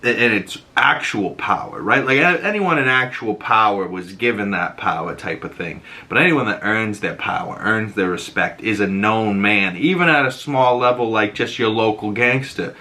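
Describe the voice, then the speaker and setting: A male podcast host giving a rambling, profane, excitable recap of a TV episode. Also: fairly low pitch, normal speed, few pauses. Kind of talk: casual episode recap and reaction.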